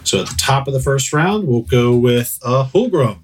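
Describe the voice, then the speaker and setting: A man's voice: mid-range voice, lively intonation, normal speed, distant mic. A man running a tabletop game as game master, describing scenes in a rambling way with lots of hesitations. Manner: rambling, full of hesitations and "sort of, like".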